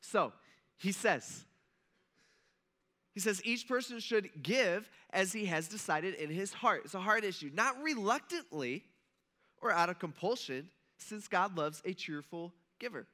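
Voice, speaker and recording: A man's voice: high voice, animated, measured pace, pushed and bright. A man preaching a casual, conversational sermon in a church auditorium, retelling a story with everyday dialogue. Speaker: pastor.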